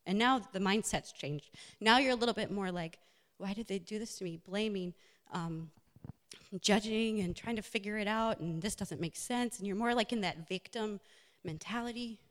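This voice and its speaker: A nurse and wellness coach gives a personal motivational talk with slides, earnest and full of fillers. Her voice sits at medium pitch and moves at a moderate pace. The echoey hall carries her words.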